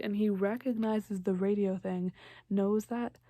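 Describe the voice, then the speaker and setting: A young woman vlogger recaps a movie in a chatty way, heavy on likes and ums, often acting out the characters' lines. She speaks a little slowly in a steady, warm, medium-pitched voice, and the recording is dry.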